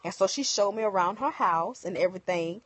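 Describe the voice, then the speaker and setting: A woman telling viewers a personal story in casual, animated speech, acting out the other people's lines. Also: mid-range voice, fairly quick, no room sound. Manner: emotional, animated retelling with quoted dialogue. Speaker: livestream host. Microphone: phone.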